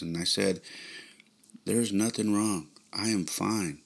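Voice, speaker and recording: A middle-aged man hosting a podcast, telling a personal story in a halting, reflective way with many restarts. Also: fairly low pitch, fairly even intonation, gravelly, fairly bright tone, husky. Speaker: podcast host.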